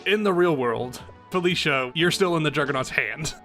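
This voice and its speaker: A man's voice: on the high side, animated, normal speed, a bit bright, soft background music. A man narrating a tabletop game as game master in a playful way. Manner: playful, laughs often.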